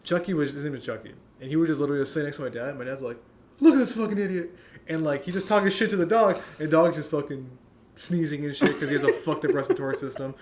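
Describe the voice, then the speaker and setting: A man's voice: on the high side, rapid-fire, slight background noise. A young man casually telling rambling, profane stories on a podcast and laughing often. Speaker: podcast host.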